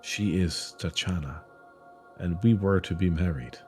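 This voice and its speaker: A man's voice: deep voice, unhurried, darkish tone, soft background music. A man voicing a lovesick male ghost who speaks solemnly and formally. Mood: mournful.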